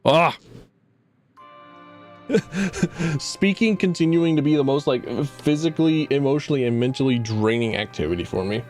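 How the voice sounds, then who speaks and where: A tired male game streamer chatting casually while he plays, rambling and halting with lots of filler words. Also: fairly high pitch, darkish tone, soft background music. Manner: rambling, halting, full of "like" and restarts. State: tired and sleepy. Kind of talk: casual live-stream commentary.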